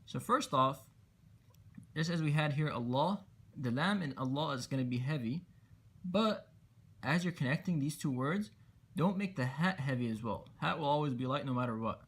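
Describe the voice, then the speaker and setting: A man's voice: a little high, lively intonation, normal speed, a bit bright, slightly rough. A man teaching Quran recitation rules step by step, patiently explaining and repeating letters for emphasis. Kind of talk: step-by-step tajweed lesson.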